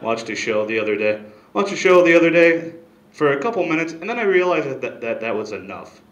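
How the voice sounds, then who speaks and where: A man doing a stand-up comedy set, rambling with deadpan asides into a handheld mic on a small club stage. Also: fairly high pitch, fairly quick, roomy sound, poor audio.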